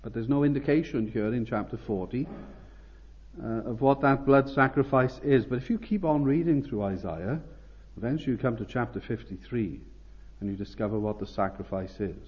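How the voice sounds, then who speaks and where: A man preaching an expository sermon, measured and explanatory, lifting his voice on the calls he quotes. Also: medium pitch, slightly rough, muffled recording.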